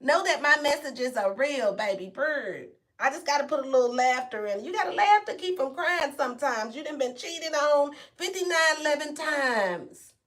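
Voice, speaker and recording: A woman's voice: high voice, expressive, normal speed, hardly any pauses, a bit bright. A woman giving a casual tarot reading to camera, playful and brash, swearing and acting out reactions. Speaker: tarot reader.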